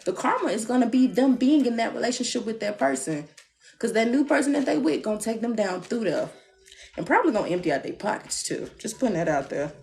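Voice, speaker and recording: A woman giving a live-streamed love reading, blunt and animated, with playful asides. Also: mid-range voice. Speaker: tarot reader. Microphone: phone.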